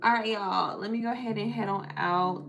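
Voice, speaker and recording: A woman's voice: mid-range voice, fairly even intonation, moderate pace, gravelly, dull audio, over music. A young woman with a Southern US accent, tired, chatting on a live stream, reading the chat aloud and laughing often.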